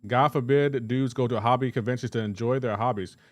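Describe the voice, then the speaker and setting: A man's voice: medium pitch, a little fast, no room sound, clean studio sound. A man chatting casually while livestreaming a mobile game, rambling, joking and greeting viewers by name. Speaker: game streamer.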